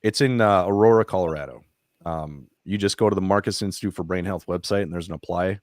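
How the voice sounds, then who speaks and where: Deep-voiced veteran telling candid stories. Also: male voice, fast, no echo, studio quality. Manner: profane, emotional, animated retelling. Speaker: veteran nonprofit founder, podcast guest. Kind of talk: casual candid storytelling. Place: podcast studio.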